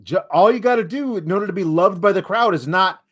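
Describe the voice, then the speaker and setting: A man's voice: high-pitched, a little fast. A young man hosting a podcast, giving a casual, sarcastic wrestling recap and mocking the wrestlers as he goes. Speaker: podcast host.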